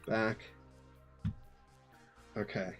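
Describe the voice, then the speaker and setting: A man's voice: drawn-out words, a bit bright, faint music behind. A man casually commentating his own online card game, muttering to himself and chuckling often. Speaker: streamer playing a card game.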